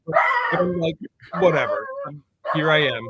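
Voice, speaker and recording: Guy musician guest on a podcast, kinda high voice, laughs a lot, cusses, rambles with lots of likes and uhs. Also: moderate pace, crowd noise. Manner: animated, laughing, swears freely, lots of fillers. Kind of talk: casual storytelling chat. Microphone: remote call setup.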